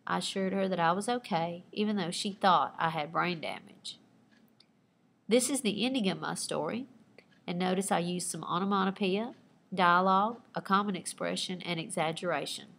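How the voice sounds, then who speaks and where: Reading a personal story aloud with expressive delivery, a woman teacher breaks off to highlight figurative language and explain how the writing works. Her voice is lowish and creaky, and her pace is moderate.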